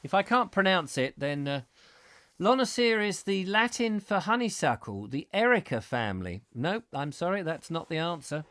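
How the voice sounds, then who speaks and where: Middle-aged man, comic chat show host, rambling, playful, fairly high voice. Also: big pitch swings, moderate pace, fairly bright tone, no room sound, clean studio sound. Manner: rambling, playful, jokey asides. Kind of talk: live comic chat, reading viewer comments.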